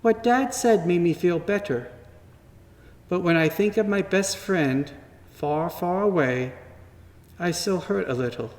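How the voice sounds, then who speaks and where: A man slowly and gently reading a children's story aloud at church, in a wondering tone with pauses. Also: sits high. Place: church sanctuary. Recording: long reverb from a large hall.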